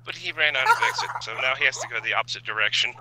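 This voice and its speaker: A man's voice: mid-range voice, wildly swooping pitch, rapid-fire, vocal fry, background noise. A man chatting casually on a stream, giving amused running commentary. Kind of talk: casual chat.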